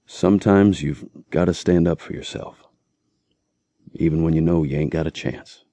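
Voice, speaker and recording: A man voicing a grim, tender Marine father who speaks low and quietly, with a rough, plain drawl. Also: fairly even intonation, normal speed, no room sound. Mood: resigned.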